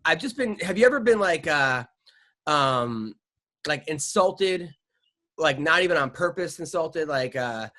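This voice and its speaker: A middle-aged man hosts a podcast in loose, casual chat, his voice sitting notably high for a man. He rambles through his stories, stammering and restarting, and swears freely along the way. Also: expressive, measured pace, pushed and bright. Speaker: podcast host.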